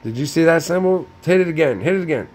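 Brief: man, slightly high voice, manic and foul-mouthed, rambling phone-video rant indoors. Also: lively intonation, quick pace, a little mellow, slightly rough. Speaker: vlogger. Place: indoors, room with a TV.

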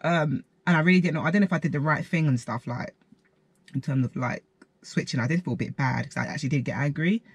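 Husky young man telling a story. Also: on the high side, quick pace, no echo. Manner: slangy, chatty retelling with quoted asides. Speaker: vlogger. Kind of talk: casual storytime.

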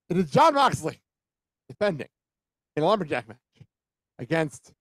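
High-voiced excitable man ranting. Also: unhurried, no echo. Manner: excitable, ranting, laughs often, swears. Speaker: podcast co-host. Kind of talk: casual wrestling chat.

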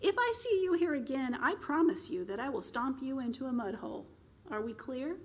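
A woman reading aloud, voicing a genial, quietly menacing bearded male carnival barker with a pleasant, conversational drawl. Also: sits high, expressive, moderate pace.

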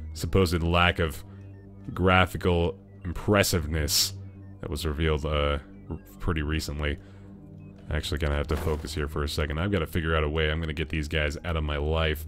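A man's voice: deep voice, a bit bright. A young man streaming a game live, chatting to viewers and swearing and yelping whenever danger hits. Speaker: gaming streamer. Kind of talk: live let's play commentary.

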